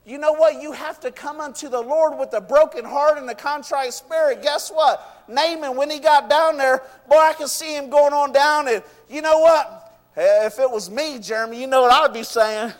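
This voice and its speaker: High-voiced fervent man preaching. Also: fairly even intonation, normal speed. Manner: fervent, repeats "you know what" and "I tell you". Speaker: pastor. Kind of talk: sermon. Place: church. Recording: long reverb of a church hall.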